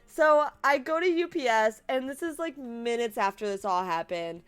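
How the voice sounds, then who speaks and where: A woman's voice: on the high side, normal speed, smooth. A woman in her late twenties, a streamer telling viewers about her day in an emotional, rambling way, laughing through tears. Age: late 20s. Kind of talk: casual storytelling to viewers.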